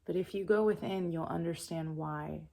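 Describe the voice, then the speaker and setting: A young adult woman giving a channeled spiritual message in a calm, soft-spoken, meditative way. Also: on the low side, moderate pace, vocal fry. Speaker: spiritual reader.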